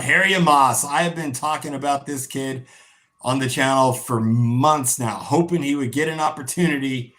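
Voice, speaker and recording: A tired man hosting a casual football watch-along livestream, calling the play, swearing freely and chanting. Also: medium pitch. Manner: swears freely, bursts into shouting on goals. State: tired, yawning. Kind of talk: casual live match commentary.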